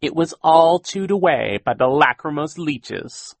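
A man's voice: a little high, lively intonation, unhurried, creaky, no echo, pitched above the performer's own voice, full character voice. A man voicing a sly male villain disguised as a sea captain, speaking in a whiny, syrupy way.

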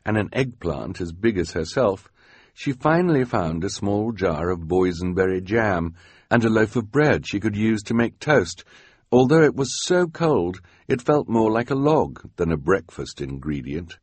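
A man's voice: fairly low pitch, animated, a little slow, a little mellow, husky, no echo. A man reading an audiobook in a dry, wry storytelling manner. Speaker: audiobook narrator. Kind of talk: scripted narration. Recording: dry studio voice-over.

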